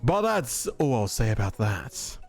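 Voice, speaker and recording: A man's voice: medium pitch, very animated, measured pace, faint music behind. A man voicing a proud, courtly older male chef who speaks in a grand, formal announcing manner. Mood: stately.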